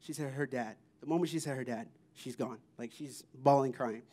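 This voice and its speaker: A man sharing mission trip testimonies at a church, telling the stories in an excited, animated way, often laughing. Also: mid-range voice, moderate pace. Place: church service.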